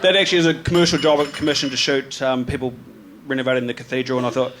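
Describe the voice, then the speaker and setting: A man with a New Zealand accent talks loosely through his photographs before an audience, full of ums and self-corrections. His voice sits at an ordinary middle pitch. A faint murmur of room ambience runs underneath. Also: level tone, racing, fairly bright tone, slight background noise. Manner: rambling and laid-back, many ums and restarts, slangy. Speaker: photographer giving a talk about his slides. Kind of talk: casual live presentation. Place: live event venue with an audience.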